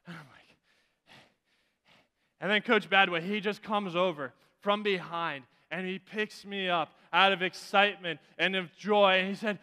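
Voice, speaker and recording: Man preaching, high bright voice, smooth and clear, long church echo. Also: fairly even intonation, a little slow. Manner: earnest storytelling, with repeated restarts. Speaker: pastor. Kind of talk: sermon. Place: church sanctuary. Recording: reverberant church hall.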